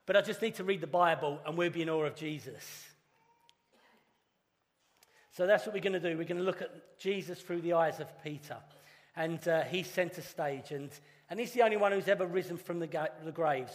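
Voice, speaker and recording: Guy giving an easter sermon, kinda high voice, big echoey church, slows down for the dramatic bits. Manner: earnest, conversational with dramatic pauses. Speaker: pastor. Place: church hall. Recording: long reverb of a church hall.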